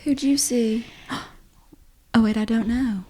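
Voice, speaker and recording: A woman's voice: on the high side, takes it slowly, dark tone, slightly rough. A woman co-hosting a podcast, telling stories in a giggly, casual chat. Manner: giggly, storytelling. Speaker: podcast co-host.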